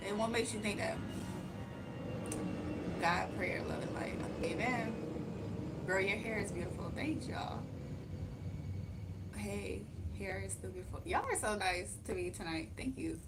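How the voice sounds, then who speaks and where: A woman's voice: mid-range voice, a little slow, long pauses, over loud music. A young woman hosting a casual livestream from home, chatting, laughing often and reading comments aloud. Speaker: livestream host.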